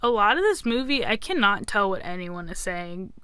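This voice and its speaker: Woman podcast co-host, casual movie chat, giggly and rambling, smooth voice, close and dry. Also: mid-range voice, animated, normal speed, bright, forceful tone, dry recording. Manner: giggly, rambling, lots of likes.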